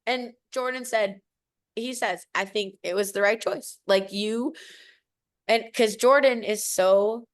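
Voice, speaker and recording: A woman's voice: on the high side, slow. A woman in her forties, a podcast guest, telling a personal story in casual chat, emotional and gushing, acting out what others said. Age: 40s.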